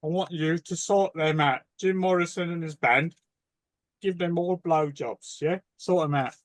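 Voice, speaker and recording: A man's voice: fairly high pitch, fairly even intonation, unhurried, dry recording, lightly acted. A man putting on a bossy, swaggering Cockney sixties man, as an impression of a film star in a comedy podcast anecdote. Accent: attempted Cockney. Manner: crude, cocky, bossy.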